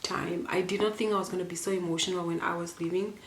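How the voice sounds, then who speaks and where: A young woman from Namibia talks straight to the camera in a lowish voice, rambling through a heartfelt personal story full of "like" and restarts. The room is echoey, and there is a faint hiss behind her. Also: steady tone, quick pace. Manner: rambling, emotional, many fillers and restarts. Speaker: vlogger.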